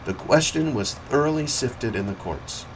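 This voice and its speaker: A man reading aloud, voicing a reserved, dignified landowner who speaks in measured, brief remarks. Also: mid-range voice, animated, background noise, voice pushed up, lightly acted.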